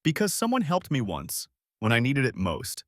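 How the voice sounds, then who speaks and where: Kind, earnest young bakery owner, read by a man; lively, dry. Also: mid-range voice, moderate pace, dry recording. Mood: gentle.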